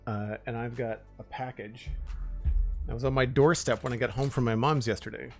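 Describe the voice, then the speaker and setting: A friendly man talks casually through a live stream, chatty and easygoing. His voice sits at a middling pitch. Quiet music plays faintly behind him. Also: steady tone, normal speed. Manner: friendly, chatty, thanks supporters by name. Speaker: streamer building Lego.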